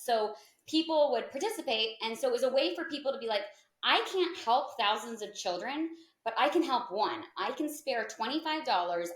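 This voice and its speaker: A woman in her thirties, a podcast guest, telling a story in a chatty way, full of "like" and acted-out quotes. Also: on the high side. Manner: chatty, peppered with "like" and lively quoted asides. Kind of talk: casual storytelling in an interview. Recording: echoey room.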